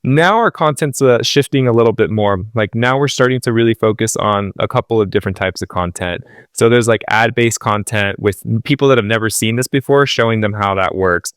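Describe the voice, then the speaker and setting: A man who co-founded a company, a podcast guest explaining things step by step in a relaxed, casual way. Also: on the low side, fairly quick, clear, resonant tone, dry recording, studio quality. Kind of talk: casual interview chat.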